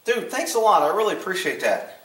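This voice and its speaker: A man's voice: high-pitched, sing-song, fairly quick, a bit bright, far from the mic. Man muttering and swearing in an echoey room. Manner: mutters to himself, swears freely. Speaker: channel host opening gifts. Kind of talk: casual unboxing chat. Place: room at home with a table. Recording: echoey room, voice off-mic, faint noise.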